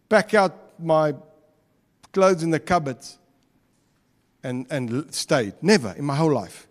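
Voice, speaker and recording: Man preaching, Afrikaans South African accent, fairly high voice, chatty and joking, long church reverb. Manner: chatty, joking, slips between English and Afrikaans. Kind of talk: conversational sermon. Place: church hall.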